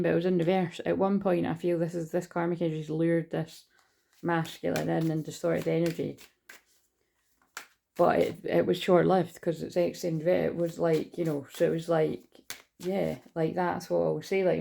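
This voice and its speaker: A woman's voice: fairly low pitch, creaky, warm tone, slight background noise. A woman giving a casual, rambling tarot reading, listing card meanings and swearing freely. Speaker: tarot reader.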